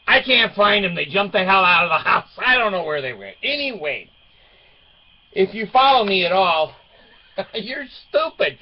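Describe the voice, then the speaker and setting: A man's voice: a little high, muffled recording, slight background noise. An older man telling a rambling, joking story in a casual monologue, laughing often. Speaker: vlogger.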